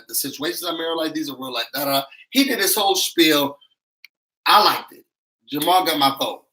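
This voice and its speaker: A man giving an animated, sassy recap of a reality show, acting out what others said with emphatic asides to his viewers. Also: on the high side, low-quality recording. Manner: sassy, emphatic, acts out quotes. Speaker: YouTube reality-show reviewer.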